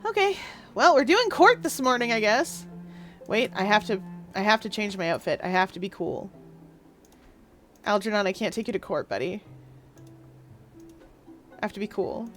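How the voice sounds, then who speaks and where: A woman's voice: mid-range voice, animated, moderate pace, long pauses, a bit bright, faint music behind. A woman streamer in playful, rambling casual chat while playing a game.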